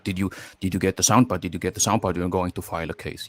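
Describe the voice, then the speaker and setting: A man's voice: low voice, steady tone, fast talker, dry recording. A man co-hosting a live stream, delivering an aggressive, taunting, profane rant.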